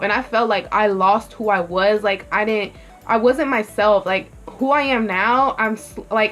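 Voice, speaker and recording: A young woman vlogger telling her story in a rambling, candid way, filling her talk with "like" and swearing freely. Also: mid-range voice. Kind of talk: casual get-ready-with-me storytelling.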